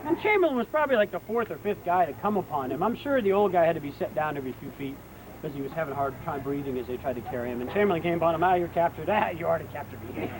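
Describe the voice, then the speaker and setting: A man guiding an outdoor battlefield tour, telling history as a lively story and acting out what people said. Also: high voice. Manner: lively storyteller, acts out quotes. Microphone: hand-held camera. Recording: outdoor camcorder recording with noise.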